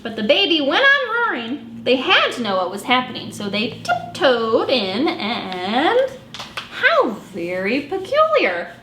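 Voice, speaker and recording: A woman children's librarian reading a picture book aloud at storytime in an animated, expressive way. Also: high-pitched, measured pace. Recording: echoey room with faint noise.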